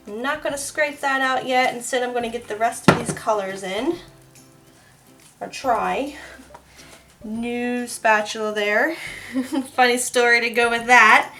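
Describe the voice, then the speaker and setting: A woman with a slightly high voice narrates her soap making in a loose, casual vlog. She is chatty and laughs now and then as she tells stories while she works. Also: sharp tone. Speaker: soap maker.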